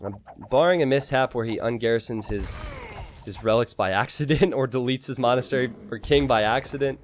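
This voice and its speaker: A man casting a strategy game live and chatting with his stream audience, excitable and quick to laugh. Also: medium pitch, a little hiss or hum. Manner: excitable, laughs often, talks to chat.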